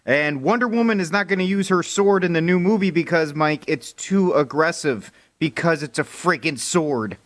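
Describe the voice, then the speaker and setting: A man's voice: on the high side, moderate pace, few pauses, a bit bright. Wry, casual radio news co-host, a man. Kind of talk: talk radio news segment.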